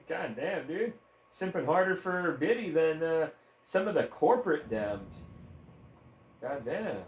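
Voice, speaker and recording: A man's voice: a little high, expressive, unhurried. A man ranting in heated, profane, sarcastic commentary while gaming, with bursts of laughter. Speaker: gaming streamer. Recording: roomy echo, faint ambience.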